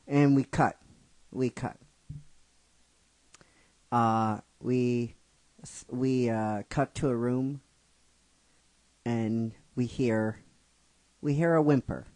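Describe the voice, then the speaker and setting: A middle-aged man tells a fan story in a loose, chatty way, stopping and restarting as he goes. He speaks slowly at a medium pitch. His voice is close and dry, with no room echo. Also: steady tone, a little mellow. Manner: rambling and chatty, with many restarts and asides. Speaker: narrator of a fan script series. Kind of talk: casual spoken story narration.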